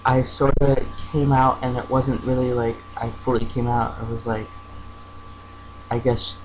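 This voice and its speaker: Young man telling a halting story. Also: medium pitch, completely flat delivery, a little hiss or hum, poor audio. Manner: hesitant, many fillers and restarts. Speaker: vlogger. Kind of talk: casual personal story.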